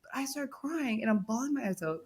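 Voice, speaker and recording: A woman's voice: a little high, fairly quick, slight background noise. A woman co-hosting a podcast, telling a story in casual chat and acting out the quotes. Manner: animated storytelling, acts out quotes. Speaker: podcast co-host.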